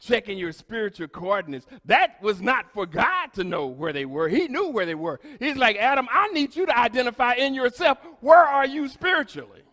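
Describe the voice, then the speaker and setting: High-voiced preaching man in a hall. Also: big pitch swings, normal speed, few pauses. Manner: preaching with rising shouts and quiet asides. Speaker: pastor. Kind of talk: sermon.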